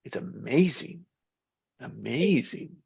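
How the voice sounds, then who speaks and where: A man's voice: mid-range voice, animated, slow, vocal fry, darkish tone, slightly rough, no room sound, lo-fi sound. A man who organizes a group, talking in a rambling, enthusiastic way and repeating himself. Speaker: group organizer, business owner. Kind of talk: casual group chat.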